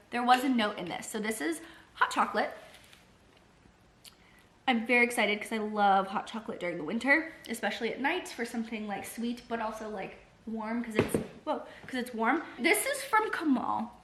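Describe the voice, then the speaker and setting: A woman book vlogger chatting casually and excitably to camera, full of "like" fillers and the odd swear word. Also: on the high side. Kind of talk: casual vlog chat.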